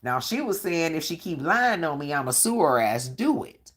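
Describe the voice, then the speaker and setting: A woman's voice: low voice, very animated, normal speed. A woman hosting a live-stream Q&A, talking bluntly and profanely in a combative tone and often asking "all right?". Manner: blunt, profane street talk. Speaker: channel host.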